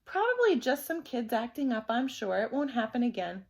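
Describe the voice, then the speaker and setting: A woman's voice: a little high, very animated, moderate pace, creaky, heavily acted. A woman voicing a fussy, oblivious male principal who speaks in stiff, formal phrases. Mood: pompous. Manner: formal, pompous wording.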